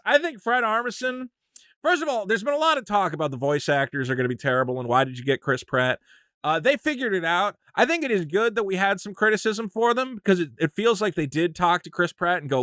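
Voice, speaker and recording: A man's voice: high-pitched, no room sound, clean studio sound. A man giving an opinionated, casual movie review with frequent restarts. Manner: animated, opinionated, restarts a lot.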